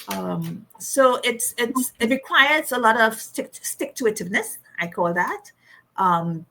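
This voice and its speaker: A middle-aged woman telling a personal story as an interview guest, animated, laughing often and acting out the voices of people she quotes. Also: on the low side.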